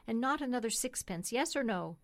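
A woman's voice: medium pitch, expressive, moderate pace, lightly acted. Woman reads a kindly cab driver for a storybook, cheery and firm. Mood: cheerful. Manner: friendly, decided and cheerful.

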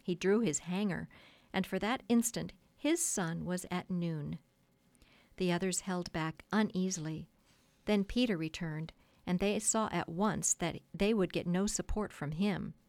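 A woman's voice: lowish voice, dry recording. Woman narrating a storybook, dry close sound. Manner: measured, expressive storytelling. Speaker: audiobook narrator. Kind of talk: scripted narration.

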